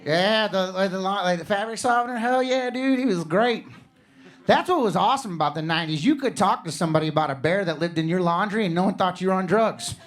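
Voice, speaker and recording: A man in his thirties from Missouri doing a stand-up comedy set, animated and jumping into loud mock voices for his bits. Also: high voice, a little fast. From Missouri, USA.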